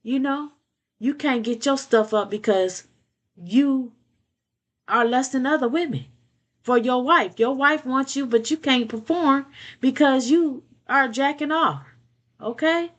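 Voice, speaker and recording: A woman's voice: high-pitched, slow, pauses often. An older woman giving blunt, preachy relationship advice in a casual monologue, often repeating words and checking in with "okay?".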